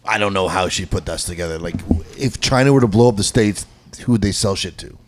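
A man's voice: low-pitched, fairly quick, a little hiss or hum. A man in a casual podcast chat, stating his opinions bluntly. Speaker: podcast co-host.

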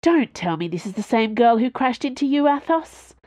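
A woman's voice: a little high, very animated, moderate pace, darkish tone, dry recording, pitched above the performer's own voice. A woman voicing a mocking female pilot captain with an arch, teasing delivery.

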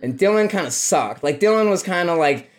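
A man's voice: high voice, animated, a little fast. Rambling young man telling stories. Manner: rambling storytelling, heavy "like" fillers. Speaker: podcast guest. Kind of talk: casual chat.

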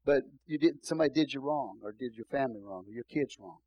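A man's voice: mid-range voice, fast talker, no room sound, muffled recording. A male pastor preaching a sermon in a church, repeating phrases and calling out hallelujah.

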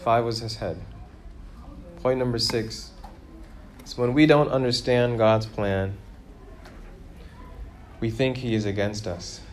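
Male preacher, mid-range voice, lively sermon delivery, rises for emphasis, faint noise behind. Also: slow, long pauses. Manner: lively, rises in pitch and volume for emphasis, asks the congregation questions.

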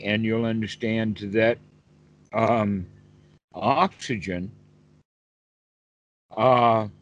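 Male dharma teacher on a video call, mid-pitched, explanatory, poses questions, dull lo-fi sound. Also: a little mellow. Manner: explanatory, asks rhetorical questions. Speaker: Buddhist teacher.

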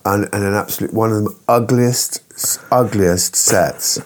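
A man's voice: fairly low pitch, fairly even intonation, unhurried, slight background noise. A man from Britain chatting casually, rambling and ranting about films with many restarts. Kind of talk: casual chat.

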